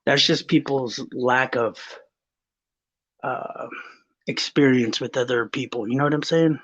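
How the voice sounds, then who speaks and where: A man from Texas rambles through personal stories in casual chat, swearing freely and restarting his sentences often. His voice is a little husky at a middling pitch, and the recording sounds slightly muffled. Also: measured pace, a bit bright. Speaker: guest.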